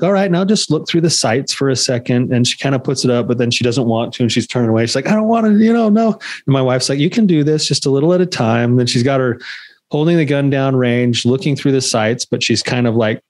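A man in his thirties or forties tells a story as a podcast co-host, in a casual, animated way. He acts out the voices of the people in it. His voice sits at an everyday pitch, recorded dry and close with no room sound. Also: quick pace, no echo.

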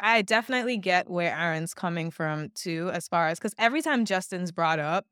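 A woman co-hosting a podcast, chatting casually about reality TV, animated, laughing often and swearing freely. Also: lowish voice, fairly quick, hardly any pauses, clear, resonant tone, dry recording, studio quality. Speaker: podcast co-host. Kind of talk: casual chat recapping reality TV.

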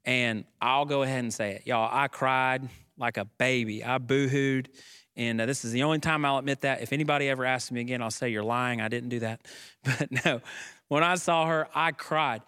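A young adult man preaching a sermon as pastor, building to emphatic declarations and stretching key phrases slowly. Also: medium pitch, fairly even intonation, bright, forceful tone, smooth, no room sound, studio quality.

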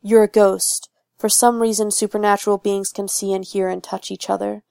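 A woman reading the lines of a guarded young male werewolf in a fan fiction audiobook, giving him a rough voice. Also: mid-range voice, little pitch movement, moderate pace, warm tone, dry recording, natural voice.

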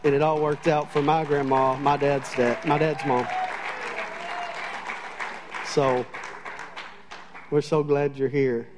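A man with a fairly high voice preaching in a church. He tells funny, animated stories in a chatty way and often stops on fillers. It is an easygoing, storytelling sermon. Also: takes it slowly, pauses often, a crowd in the background, noisy background. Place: church sanctuary.

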